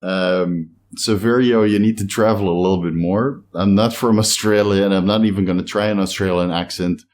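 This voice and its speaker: His voice is deep and a little mellow, with fairly even intonation and a normal speed. A middle-aged bodybuilding host from the Netherlands, he answers viewer comments casually to camera at home in a hot climate, chatty, rambling, and self-deprecating, with a slight Dutch accent.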